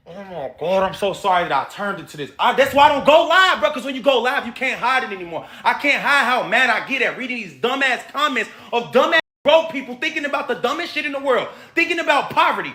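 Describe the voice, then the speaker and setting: A man ranting heatedly at his livestream viewers, cursing and shouting at them. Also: very high-pitched, big pitch swings, a little fast, hardly any pauses. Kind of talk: livestream rant to chat. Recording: roomy echo.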